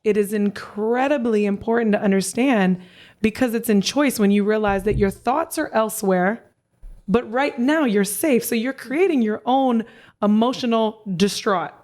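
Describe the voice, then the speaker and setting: A woman's voice: a little high, moderate pace, darkish tone. Chatty woman hosting a podcast, candid, drops a swear here and there. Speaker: podcast host. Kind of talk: podcast interview.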